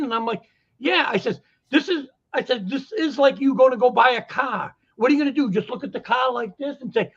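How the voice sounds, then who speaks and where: Boston-accented man, chatty joker, high pitched, slightly muffled sound. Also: moderate pace. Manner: joking, animated storyteller. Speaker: guest vendor. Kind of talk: casual chat. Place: lives in Florida.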